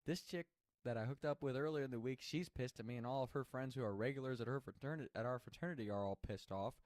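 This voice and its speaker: A man's voice: mid-range voice, quick pace, darkish tone, dry recording. Man telling a profane, laughing story. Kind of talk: casual personal storytelling.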